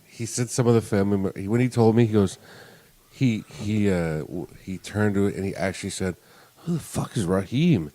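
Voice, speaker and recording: A man's voice: fairly low pitch, steady tone, fairly quick. Man retelling a friend's story on a podcast. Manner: retells a friend's story with mocking, shouted quotes. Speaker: podcast co-host. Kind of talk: casual chat.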